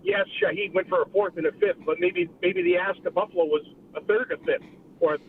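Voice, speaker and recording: A man calling in to a sports radio show, giving his take haltingly with many fillers. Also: sits high. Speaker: caller. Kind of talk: call-in radio comment. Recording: tinny phone line with faint hiss.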